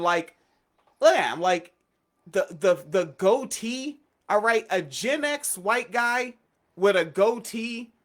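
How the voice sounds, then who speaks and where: A man's voice: high-pitched, fairly bright tone. Blunt, sarcastic man co-hosting. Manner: blunt, profane, sarcastic ranting. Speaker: co-host. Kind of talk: casual radio chat.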